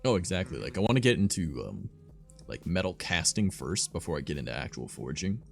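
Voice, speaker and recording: A man's voice: low-pitched, big pitch swings, a little fast, gravelly, soft background music. A young man hosting a livestream, telling stories in a rambling, profane, filler-heavy casual way. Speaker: streamer host.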